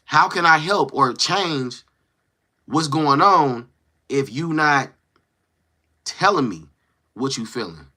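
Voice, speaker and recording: A man hosting a casual livestream, talking to his chat in a slangy, animated way and acting out quoted lines. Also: fairly high pitch, slow pace, long pauses. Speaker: livestream host. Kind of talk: casual livestream chat, reading viewer comments.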